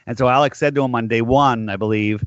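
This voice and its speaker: A man calling into a casual podcast as a guest, speaking in a measured way with frequent filler pauses. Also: mid-range voice, steady tone, dry recording, highs cut off. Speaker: guest caller. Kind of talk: casual call-in chat.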